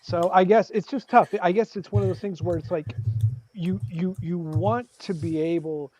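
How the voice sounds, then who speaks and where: A man's voice: sits high, fairly even intonation, normal speed, a little mellow, a little hiss or hum, poor audio. A man on a panel podcast, musing and thinking aloud as he talks. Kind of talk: casual panel chat.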